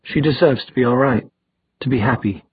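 A man's voice: medium pitch, breathy edge, no room sound. A man reading as a weary, protective brother. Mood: earnest. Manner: halting, earnest. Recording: dull muffled sound, dry.

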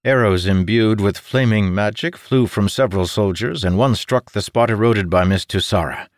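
A man narrating a fantasy adventure audiobook with a steady, measured delivery. his voice sits low, and the recording is close and dry, with no room sound. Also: dry recording.

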